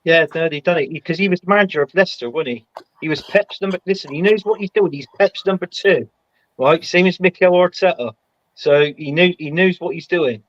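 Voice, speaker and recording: Man, fairly high voice, jokey mock-serious banter, dull lo-fi audio, dry sound. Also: fairly quick, dry recording. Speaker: podcast panelist. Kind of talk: casual football banter.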